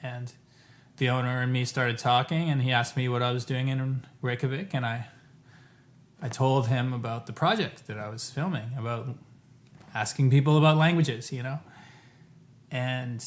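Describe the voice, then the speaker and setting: A man's voice: medium pitch, normal speed, long pauses. A man talks to camera about a trip, in a loose and chatty way. He often stops mid-phrase to correct himself. When he quotes the people he met, his voice jumps up and gets livelier. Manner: rambling, self-correcting, quotes people in animated bursts. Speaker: vlogger telling a travel story. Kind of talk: casual storytelling.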